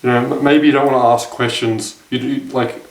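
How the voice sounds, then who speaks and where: A man's voice: medium pitch, flat delivery, brisk, distant mic. Young man rambling in an echoey room. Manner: rambling, with frequent restarts and self-corrections. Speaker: dating advice vlogger. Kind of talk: casual storytelling to camera.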